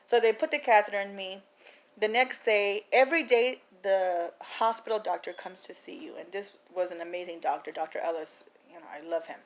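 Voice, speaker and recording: Animated woman telling a story. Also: medium pitch, fairly quick. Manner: animated, acts out the people in her story, laughs often. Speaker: vlogger. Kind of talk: casual storytelling to camera.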